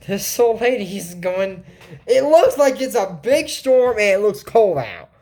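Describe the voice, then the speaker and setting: A woman's voice: mid-range voice, very animated, slow, warm tone. A woman giving a casual reaction commentary on a cartoon episode, rambling and sarcastic, with mocking asides.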